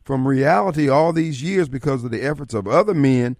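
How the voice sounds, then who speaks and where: A man hosting political talk radio, animated and preachy, swinging from loud outbursts to mutters. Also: mid-range voice, moderate pace, no echo, clean studio sound.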